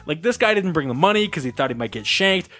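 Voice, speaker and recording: A man's voice: high voice, lively intonation, fast talker, bright, forceful tone. A man hosting a casual podcast, telling a long story with laughs and acted-out quotes. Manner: rambling, laughing, acts out quotes. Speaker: podcast host.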